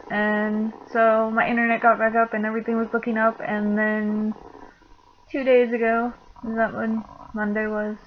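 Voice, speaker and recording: Chatty young woman, lo-fi recording. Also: lowish voice. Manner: chatty, laughing, lots of "like" fillers. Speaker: vlogger. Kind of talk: casual storytelling vlog. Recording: dull lo-fi sound with faint noise.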